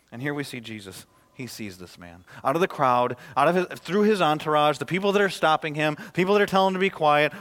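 A man preaching a sermon as a pastor, swinging between loud, emphatic lines and hushed, quiet ones. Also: medium pitch. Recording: reverberant hall.

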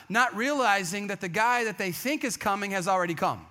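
A pastor delivering a sermon with a high, bright voice. He tells the story casually and with energy, often slipping into quick put-on voices for the people he quotes. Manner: conversational, acts out quoted voices.

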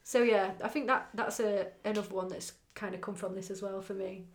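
A woman's voice: medium pitch, fairly even intonation, brisk. A woman from England co-hosting a podcast in casual chat, rambling with plenty of fillers. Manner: chatty, rambling, lots of "like" fillers. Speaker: podcast co-host.

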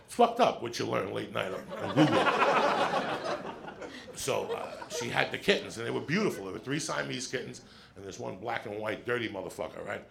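Gravelly, profane middle-aged comedian man. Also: fairly low pitch, fairly quick, a crowd in the background. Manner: profane, animated, frequent "right?" asides. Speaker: stand-up comedian. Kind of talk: stand-up storytelling. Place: comedy stage with audience.

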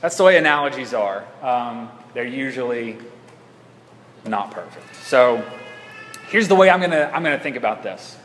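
A man's voice: mid-range voice, lively intonation, moderate pace, a bit bright, a little hiss or hum. A man preaching a sermon in a church, talking conversationally with frequent restarts. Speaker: pastor. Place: church sanctuary. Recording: echoey church hall.

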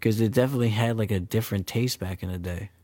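A joking man co-hosting a podcast, with a voice on the low side. He talks in slang, swears freely and keeps things light. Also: fast talker, mellow. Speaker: podcast co-host. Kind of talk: casual chat.

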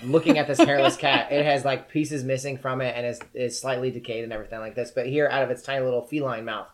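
A man's voice: mid-range voice, fairly even intonation, fast talker. A man narrating as game master, loose and casual with many fillers.

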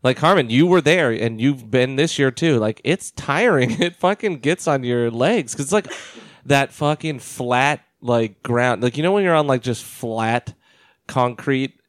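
A man's voice: mid-range voice, animated, a little slow, no echo. A man co-hosting a casual podcast, laughing often and swearing freely as he acts out stories. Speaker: podcast co-host. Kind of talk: casual chat.

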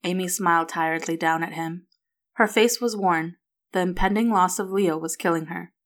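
Woman narrator, slightly low voice, steady storybook reading. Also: normal speed.

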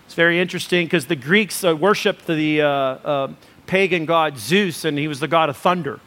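A man's voice: fairly high pitch, moderate pace, fairly bright tone. A male pastor preaching a sermon in a conversational style with many fillers, building to emphatic repeated lists.

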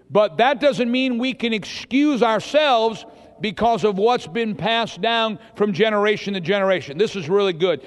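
High-voiced preacher in a reverberant hall. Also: male voice. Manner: lively preaching, acts out quoted voices, quizzes the congregation. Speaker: pastor. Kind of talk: sermon. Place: church hall with long reverb. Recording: long hall reverb in a church.

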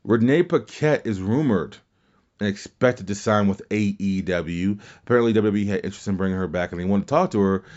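Male podcast host, low-pitched, profane and enthusiastic rambling, muffled lo-fi mic. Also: brisk. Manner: excited, profane, rambling with restarts. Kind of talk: casual wrestling recap podcast.

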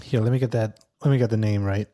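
A man's voice: lowish voice, steady tone, quick pace, mellow. A man hosting a weekly podcast, chatting casually with a co-host, laughing often and restarting his sentences.

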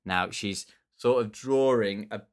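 A man hosting an improvised comedy bit, playful and giggly with a deadpan edge. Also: lowish voice, measured pace, a crowd in the background. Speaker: comedy podcast host.

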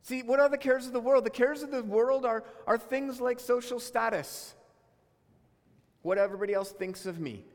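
A man preaching a sermon as pastor, animated and acting out the voices of God and his listeners. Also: very high voice, normal speed. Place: church sanctuary. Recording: long reverb of a hall.

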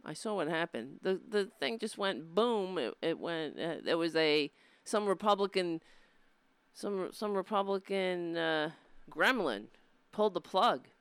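A woman's voice: on the low side, a little slow, clear, resonant tone, no room sound. Exasperated profane woman streamer. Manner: profane, exasperated, mocking, animated. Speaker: political commentary host. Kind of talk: live-streamed political commentary.

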